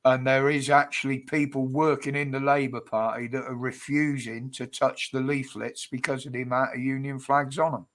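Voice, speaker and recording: A man's voice: mid-range voice, level tone, moderate pace, hardly any pauses, fairly bright tone. A man hosting a casual livestream chat, rambling, laughing and cheeky. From United Kingdom. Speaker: livestream host.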